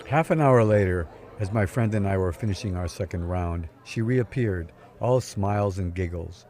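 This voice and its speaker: A man's voice: sits low, normal speed, a little mellow, soft background music. A man narrating a scripted first-person story in a dry, wry tone, recorded on a close mic. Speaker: storyteller, podcast host.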